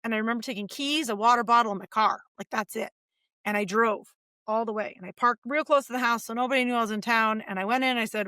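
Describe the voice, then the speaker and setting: Podcast guest: woman in her forties, high bright voice, dry close sound, animated storyteller. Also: fast talker, dry recording. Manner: animated, acts out quoted voices. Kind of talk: casual storytelling interview.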